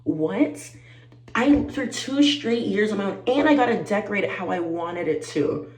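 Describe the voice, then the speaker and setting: A woman in her twenties chatting to camera, animated and talkative, calling her viewers y'all and growing teary-eyed. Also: mid-range voice, normal speed, echoey room, low-quality recording. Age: 20s. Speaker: vlogger. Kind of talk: casual chat to camera.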